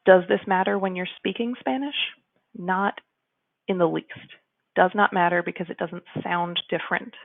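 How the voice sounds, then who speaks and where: A woman with a gravelly edge to her voice explains grammar as a teacher, chatty and slowing down for her example sentences. The sound is dry and close, with no room around it. It also comes through narrow and tinny, like a phone call. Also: lowish voice, fairly even intonation, dry recording. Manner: chatty, apologetic asides, slows to model example sentences. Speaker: Spanish teacher. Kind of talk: explanatory lesson.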